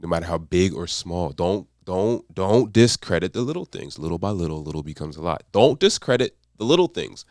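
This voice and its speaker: Male accountability coach, motivational monologue, swooping lively delivery, dry close sound. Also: low voice, a little fast, hardly any pauses, no echo. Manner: repetitive, emphatic mantras.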